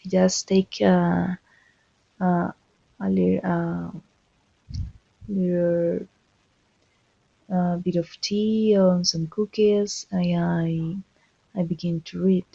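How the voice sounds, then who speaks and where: A woman student answers a speaking practice question slowly, stopping often to search for words. Her low voice has a gravelly fry and sounds husky. The recording is dull and lo-fi, with a dark tone. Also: flat delivery, no room sound. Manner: hesitant, many fillers.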